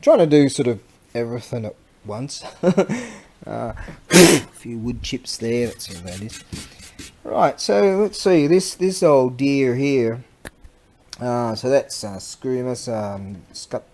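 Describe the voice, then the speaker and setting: A man's voice: mid-range voice, lively intonation, slow pace, a little mellow, a little hiss or hum. A middle-aged man, chatting casually in a vlog and rambling as he loses his train of thought. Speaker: vlogger selling antiques.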